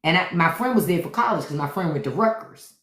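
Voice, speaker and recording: A woman with a low voice that jumps around a lot hosts a casual live stream. She tells profane stories with plenty of color. The sound is roomy and echoey. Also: fast. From Washington, DC. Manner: animated, profane storytelling with acted-out quotes. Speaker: podcast host on a live stream. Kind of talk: casual livestream chat. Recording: roomy echo.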